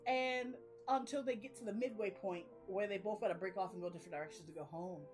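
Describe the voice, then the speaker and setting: A woman's voice: mid-range voice, fast talker, a little mellow, faint music behind. Rambling, slangy young woman vlogger. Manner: rambling and slangy, laughs often. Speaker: reading vlogger. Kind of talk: casual chat.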